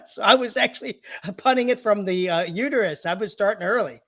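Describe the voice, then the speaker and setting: Male guest, high voice, comic storyteller doing patient impressions. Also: moderate pace, a bit bright. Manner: jokey anecdotes, acts out patients' voices, laughs often. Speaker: guest, chiropractor and comedian. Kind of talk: storytelling interview.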